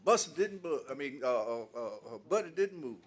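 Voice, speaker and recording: A man's voice: medium pitch, big pitch swings, fairly quick. An older man doing stand-up comedy, telling folksy stories in a loose way and laughing at his own jokes.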